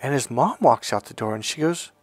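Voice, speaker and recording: A man giving a motivational self-help talk in a casual, animated way, telling personal stories and acting out what people said. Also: medium pitch, brisk. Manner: animated and conversational, acts out quotes.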